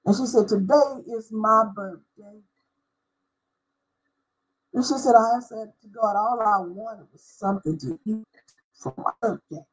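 A middle-aged woman with a somewhat high, husky voice tells a heartfelt faith story from her own life. She speaks with emotion, spells out words for emphasis, and now and then breaks into a line of song. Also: moderate pace, poor audio. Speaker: former schoolteacher. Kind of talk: personal testimony.

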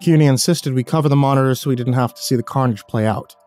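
Male horror storyteller, steady low-key narration over faint music. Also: quick pace.

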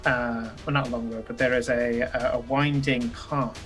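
Guy dming a tabletop game, mid pitch, lots of ums, kinda rambly, some music low in the back. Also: level tone, normal speed, a bit bright. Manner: rambling narration full of ums and uhs, swears casually. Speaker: game master.

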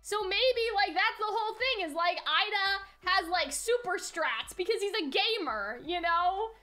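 A woman's voice: extremely high pitch, lively intonation, measured pace, bright, forceful tone, faint music behind. A young woman streaming, reacting casually to a game with giggly, rambling chatter.

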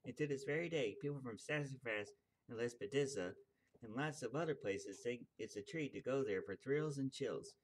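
A young man with a medium-pitched voice reads a children's pop-up book aloud in a relaxed, homemade way. He reads in a mostly steady voice and laughs a little between pages. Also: moderate pace. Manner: casual, chuckles at the story. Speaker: reader.

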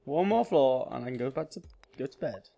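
Male gamer host, casual let's-play commentary, chatty, mid-pitched, thinks aloud as he plays. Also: lively intonation, fairly quick, vocal fry, dark tone. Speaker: gaming channel host.

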